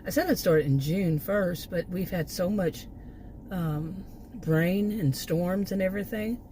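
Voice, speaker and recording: A woman vlogger with a worn, hoarse voice, chatting in a rambling casual way from inside her car, often restarting her sentences and laughing softly. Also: on the low side, a little slow, low-quality recording. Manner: meandering, frequent restarts and soft laughs. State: voice worn out, hiccups. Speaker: vlogger doing food deliveries. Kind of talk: rambling casual chat while driving. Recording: loud car noise behind.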